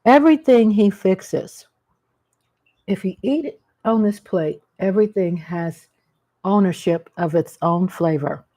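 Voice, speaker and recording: A woman's voice: mid-range voice, unhurried, mellow. A middle-aged woman chatting casually about family cooking while eating, rambling and homey, with frequent restarts. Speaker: food vlogger. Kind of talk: casual mukbang chat. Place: home, eating at a table.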